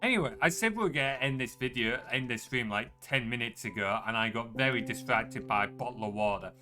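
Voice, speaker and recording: A man's voice: mid-range voice, fairly quick, music in the background. A man hosting a live game stream, chatting casually, laughing often and greeting viewers. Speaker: streamer host.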